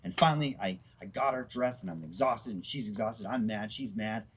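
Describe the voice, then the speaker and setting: Around an outdoor firepit, a man in his thirties does crude, self-deprecating stand-up and banters with the small crowd, whose laughing and heckling fill the background. He has a lowish voice and speaks fairly quickly.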